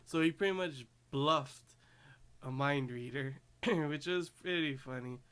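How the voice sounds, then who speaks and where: A man's voice: on the high side, takes it slowly, fairly bright tone, clean tone. Rambling man recapping an anime episode. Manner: rambling, laughs often, many fillers. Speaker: anime reviewer.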